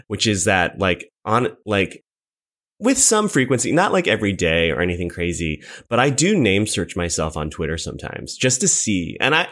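A man's voice: fairly low pitch, a bit bright. A man, a comedian, chatting as a podcast guest and candidly confessing his own insecurities with self-deprecating humor. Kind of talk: casual chat.

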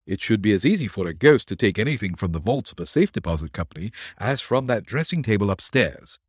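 Man reading as a confident detective, measured, persuasive, husky, dry. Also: on the low side, very animated, dry recording. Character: tactful, confident male detective.

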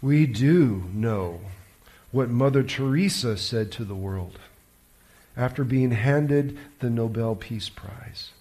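A man's voice: mid-range voice, expressive, takes it slowly, warm tone. A male preacher telling a story in a sermon, with a dramatic, emphatic delivery.

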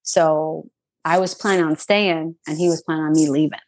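A woman in her twenties telling a personal story in a casual, animated, chatty way, full of fillers. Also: sits low, moderate pace, no room sound.

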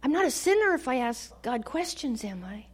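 A woman preaching a sermon, dramatic, swinging from loud declarations to hushed near-whispers. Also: high-pitched, very animated, normal speed, breathy edge.

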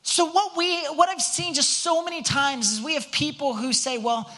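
A man's voice: extremely high pitch, animated, normal speed, sharp tone. An earnest man preaching to his congregation in a loose, conversational way, leaning on rhetorical questions. He often restarts and repeats words as he thinks aloud, and he sounds like a pastor speaking in church on a Sunday morning. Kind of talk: conversational sermon.

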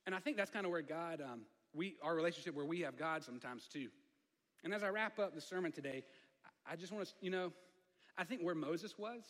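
A man's voice: fairly high pitch, a bit bright. Man preaching in a reverberant hall. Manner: conversational preaching, rising to emphatic fervor. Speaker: pastor. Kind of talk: sermon.

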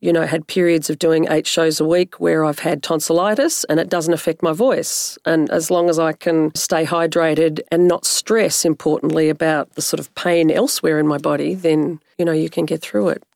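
A woman, a slightly hoarse narrator and speech pathologist, explaining in a measured coaching way during an interview. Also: deep voice, level tone, a little mellow, no echo, studio quality. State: slightly hoarse from a recent cough. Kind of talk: conversational interview.

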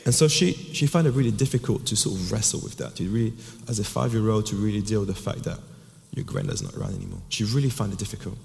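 A man's voice: lowish voice, sing-song, quick pace, vocal fry, darkish tone, big-room sound. A man in his thirties preaching a sermon, telling a personal story earnestly and often restarting his words.

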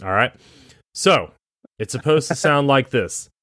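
A man's voice: medium pitch, animated, a little slow, a bit bright, dry recording, studio quality. A man co-hosting a podcast, casual and playful, teasing and sounding words out. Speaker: podcast co-host. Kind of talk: casual chat.

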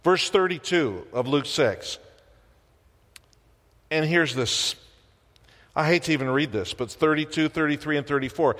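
A man's voice: a little high, a little slow, long pauses, fairly bright tone, in a large hall. A man preaching a sermon as pastor in a church, conversational, with wry asides and rhetorical questions.

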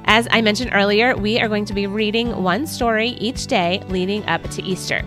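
A woman host reading a family devotional story aloud in an earnest, expressive way. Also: medium pitch, normal speed, over music. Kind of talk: scripted storybook narration.

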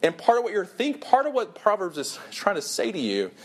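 A man's voice: sits high, huge pitch swings. A man preaching a sermon, talking to the congregation in a conversational, earnest way and stressing key phrases. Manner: conversational, earnest, emphatic with pauses.

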